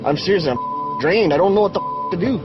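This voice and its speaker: A man's voice: high-pitched, expressive, fast talker. A man in a car's passenger seat, giving blunt, pushy instructions to the driver. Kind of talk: unscripted reality-TV speech. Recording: dull lo-fi TV audio with music.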